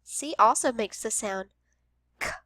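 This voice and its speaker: A woman teaching a phonics lesson to young children, speaking slowly and sounding out each word with care. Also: a little high, lively intonation, fairly bright tone, dry recording. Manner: slow, careful, over-enunciated.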